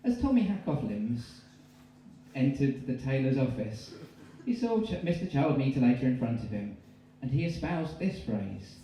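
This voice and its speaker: Rambling English comic in an echoey room. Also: male voice, mid-range voice, normal speed. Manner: rambling, self-interrupting, deadpan asides. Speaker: stand-up comedian. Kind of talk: stand-up storytelling with silly voices. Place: live comedy venue. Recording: distant, very echoey room mic.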